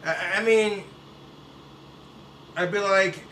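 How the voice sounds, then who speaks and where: A man vents in blunt, profane reaction commentary, sarcastic and fired up. His voice is bright and pushed, sitting slightly high for a man. The sound bounces around a roomy space with a faint hiss underneath. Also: measured pace. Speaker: YouTube commentator. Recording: roomy echo, set back from the mic, faint hiss.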